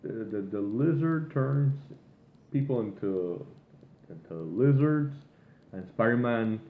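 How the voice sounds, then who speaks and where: A man's voice: mid-range voice, expressive, takes it slowly, phone-quality sound, slight background noise. Guy ranting and cursing, rambling on, echoey room, sounds like a phone mic. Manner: rambling, profane, exasperated. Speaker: vlogger. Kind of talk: casual rant.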